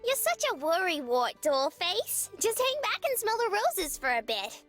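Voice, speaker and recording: A man's voice: extremely high pitch, sing-song, moderate pace, fairly bright tone, soft background music, voice pushed up, heavily acted. A man voicing a bubbly, peppy young woman who is a park spirit, with old-timey slang in a visual novel read-aloud. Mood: chipper. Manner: old-timey slang, sing-song and eager.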